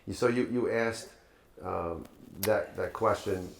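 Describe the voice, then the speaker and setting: A middle-aged man with a very low, gravelly voice speaks in a measured, hesitant way as he gives fatherly advice. The room around him sounds roomy, with a faint hum of noise. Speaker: guest. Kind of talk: casual podcast conversation.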